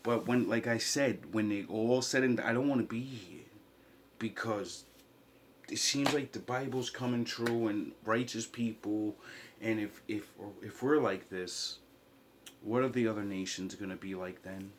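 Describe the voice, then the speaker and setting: A man in a rambling, impassioned vlog monologue, swinging from quiet mutters to loud outbursts. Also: on the low side, unhurried, a little hiss or hum. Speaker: vlogger.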